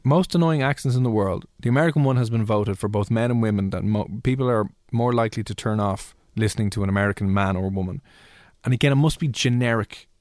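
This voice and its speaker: A man's voice: lowish voice, a little mellow, no room sound, studio quality. A man with a mix of Dublin and Cheshire accents, co-hosting a radio podcast in jokey, teasing casual chat. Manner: jokey, teasing, throws in mock voices.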